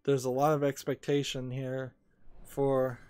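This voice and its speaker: A man's voice: mid-range voice, monotone, unhurried, a little mellow, smooth, no room sound. A man casually talking over his gaming video as a small YouTube creator, rambling and hesitant with many fillers, a little sleepy.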